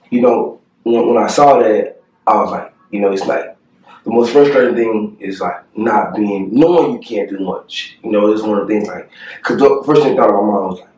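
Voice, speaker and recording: A young man with a fairly low voice retells a painful memory, earnest and halting, with many fillers along the way. He sounds a little off-mic, and the room around him is echoey. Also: a little mellow, distant mic, slight background noise. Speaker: family vlogger. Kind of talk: personal storytelling to camera.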